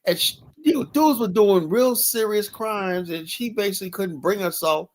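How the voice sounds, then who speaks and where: A panelist with a high-sitting voice tells long, rambling stories at a moderate pace during a heated casual debate. He swears freely and tags almost every sentence with "right?"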